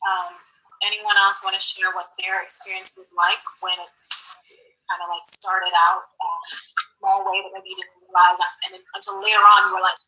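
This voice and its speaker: Woman running a support group chat, reads comments out, lots of ums, sharp bright voice. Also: mid-range voice, normal speed, low-quality recording. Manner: relaxed, with fillers, reads out viewers' comments. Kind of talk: moderating an online group, reading out comments.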